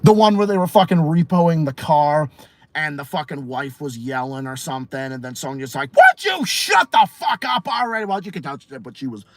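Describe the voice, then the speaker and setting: A man's voice: on the high side, fairly quick, darkish tone, no echo. A man hosting a late-night livestream podcast, ranting casually, swearing a lot, repeating himself and laughing often. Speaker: podcast host and streamer.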